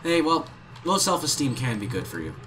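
A man co-hosting a casual let's play, joking and self-mocking, with sudden loud outbursts. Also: mid-range voice, sing-song, fairly quick, noisy background. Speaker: gaming channel co-host. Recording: game music behind the voice.

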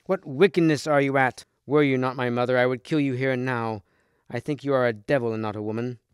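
A man's voice: mid-range voice, little pitch movement, fairly quick, clear, resonant tone, dry recording, clean studio sound, close to an everyday voice. A man reading aloud as a young knight prince in a storybook, fierce and stern.

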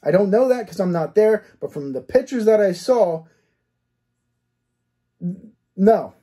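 A man's voice: high-pitched, lively intonation, a little slow, warm tone, slightly rough. A man, a cold case detective, talking through a case step by step, asking himself rhetorical questions and checking in with "okay?". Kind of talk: case analysis commentary.

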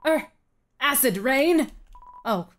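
A young woman giving casual, excitable commentary as she plays a video game, squealing and laughing. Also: sits high, a little hiss or hum. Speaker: let's play gamer.

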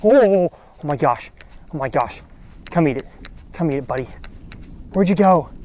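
Excitable man cheering on bass. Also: normal speed, a little hiss or hum. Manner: excitable, exclaims and talks to the fish. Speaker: fishing channel host. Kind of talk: excited fishing vlog commentary. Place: outdoors on a boat on the water.

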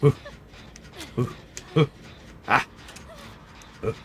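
A man's voice: lowish voice, takes it slowly, long pauses, slight background noise. A man streaming a game live, chatting with friends, often yelping and laughing. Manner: excitable, yelps and laughs often. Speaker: gaming streamer.

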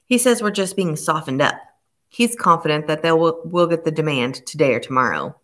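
A woman reading an audiobook, voicing a worried middle-aged mother who speaks quietly and earnestly. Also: low-pitched, a little fast, natural voice. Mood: grave.

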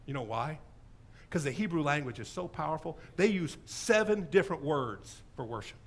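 A man preaching a sermon as pastor, animated and humorous, with lots of enthusiasm. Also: on the high side, normal speed, husky.

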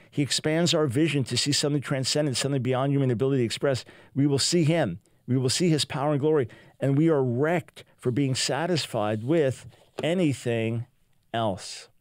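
An older American man hosts a Christian radio talk show in a medium-pitched voice, recorded dry at studio quality. He preaches fervently and reads a testimony aloud with emphasis.

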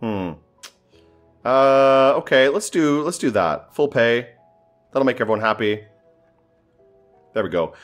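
A man's voice: mid-range voice, lively intonation, takes it slowly, pauses often, faint music behind. Exasperated man commenting on his gameplay. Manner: exasperated, thinking aloud, swearing.

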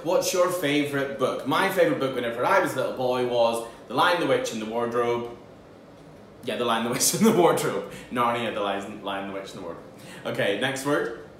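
Male teacher, animated children's phonics lesson, recorded from a distance, faint hiss. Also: mid-range voice. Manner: playful, animated, slow and drawn out for young learners. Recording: echoey room, mic at a distance, faint background noise.

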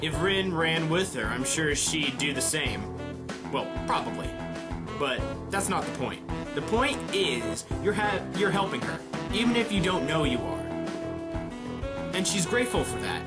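A man's voice: on the high side, big pitch swings, unhurried. A man doing a rambling, teasing school nurse. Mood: reassuring. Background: background music.

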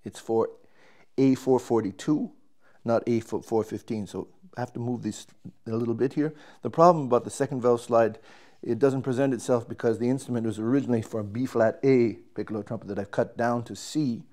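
A man's voice: mid-range voice, fairly even intonation, a little fast, dark tone. A man, a trumpet player, casually explaining and demonstrating his instrument, thinking aloud as he works and restarting his sentences.

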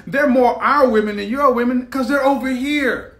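A man's voice: very high-pitched, steady tone, normal speed, fairly bright tone, roomy sound. A man hosting a live stream, ranting in a blunt, mocking, combative way.

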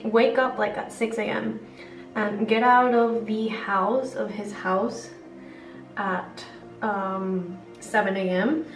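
Chatty young woman in an echoey room. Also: mid-range voice. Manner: rambling, filler-heavy "like" and "um". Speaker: vlogger. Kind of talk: chatty get-ready-with-me vlog. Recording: roomy echo, distant mic, faint music.

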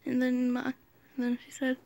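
High-voiced woman rambling while she scrolls. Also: monotone, normal speed, no room sound. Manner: rambling, drops into quiet whispers while scrolling. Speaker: channel host. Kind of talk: casual screen-scrolling commentary.

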